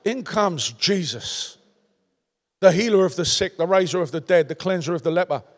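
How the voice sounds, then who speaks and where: A Cockney man from London preaches with a high voice, telling stories with lively flair and calling out to the congregation. His voice rings through a church auditorium with a long, lingering reverb. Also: moderate pace. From London, England. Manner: animated storytelling with crowd call-outs. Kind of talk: sermon.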